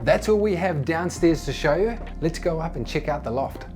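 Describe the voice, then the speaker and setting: A man's voice: fairly high pitch, animated, moderate pace, music in the background. Upbeat man touring a tiny home. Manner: upbeat, chatty presenter. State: a little out of breath. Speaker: tiny home tour host. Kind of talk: walkthrough home tour vlog.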